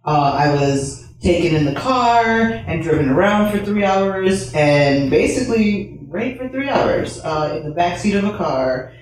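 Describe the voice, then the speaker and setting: A woman's voice: on the low side, expressive, measured pace, a little mellow. A woman tells a personal story in a blunt, profane, candid way, breaking into laughing asides. Her voice sits in a very echoey room. She is some distance from the mic. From Chicago. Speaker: storyteller on stage.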